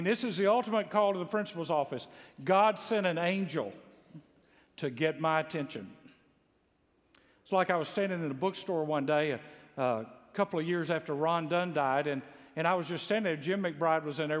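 A man from Mississippi, preaching a sermon in a folksy storytelling way, full of humor and rising to loud exclaims. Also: a little high. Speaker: pastor. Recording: long echo of a large hall.

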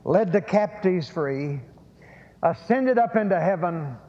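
Emphatic preacher in a dull, reverberant recording. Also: male voice, high-pitched, animated, slow pace, warm tone. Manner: emphatic, repeats phrases, hesitant restarts. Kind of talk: sermon. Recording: lo-fi sermon recording in a reverberant hall.

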